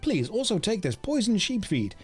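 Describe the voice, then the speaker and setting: A man's voice: sits high, very animated, moderate pace, slightly rough, soft background music, voice pushed up, full character voice. A male streamer voicing a self-important town councillor in a game, in a formal, pompous manner. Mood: briefing.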